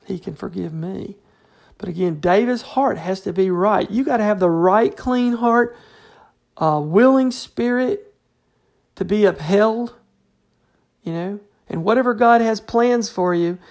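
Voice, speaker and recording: Woman, Bible teacher, relaxed unscripted delivery, some fry in the voice. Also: medium pitch. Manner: conversational, fills with "you know", restarts often. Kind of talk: informal Bible study talk.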